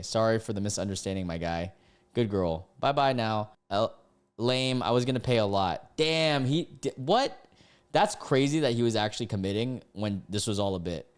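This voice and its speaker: Young man, casual reaction commentary, reads posts aloud, laughs, jumps to high-pitched disbelief. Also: darkish tone, clear, resonant tone. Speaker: streamer reacting to dating app posts.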